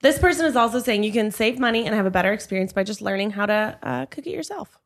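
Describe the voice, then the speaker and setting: A woman co-hosting a podcast in casual chat, chatty and quick to laugh. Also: medium pitch, expressive. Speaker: podcast co-host.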